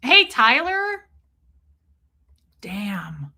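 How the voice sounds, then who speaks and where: Middle-aged woman streamer, brash and animated, bright cutting tone. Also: fairly high pitch, very slow. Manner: profane, animated, acts out quotes. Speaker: livestream host. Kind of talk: gossip commentary livestream.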